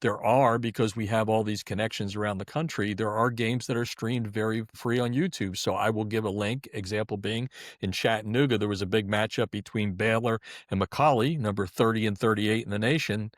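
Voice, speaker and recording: A man's voice: lowish voice, steady tone, brisk, no echo, clean studio sound. A middle-aged man talking as an interview guest, folksy and chatty, often restarting his sentences. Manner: talkative and folksy, with repeated restarts. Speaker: guest, sports website editor. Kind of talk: conversational interview.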